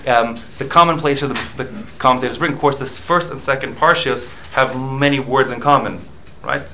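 A man's voice: medium pitch, moderate pace, pushed and bright, a little hiss or hum, rough recording. A man leading a casual study class, explaining points patiently, mixing in Hebrew and Aramaic study terms and checking in with listeners. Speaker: Talmud class teacher.

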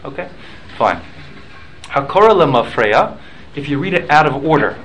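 A man's voice: fairly high pitch, sing-song, moderate pace, a bit bright, low-quality recording. Man teaching a casual study class. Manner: explanatory, sprinkles Hebrew and Aramaic study terms; conversational, checks in with listeners.

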